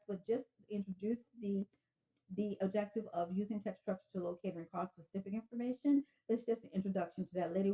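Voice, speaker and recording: A woman's voice: medium pitch, dark tone, highs cut off. A woman teacher giving a recorded reading lesson in an explanatory, emphatic way. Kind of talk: classroom lesson.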